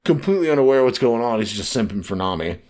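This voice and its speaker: A man co-hosting a casual podcast, retelling story scenes and quickly paraphrasing the characters' lines. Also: medium pitch, sing-song, darkish tone. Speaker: podcast co-host.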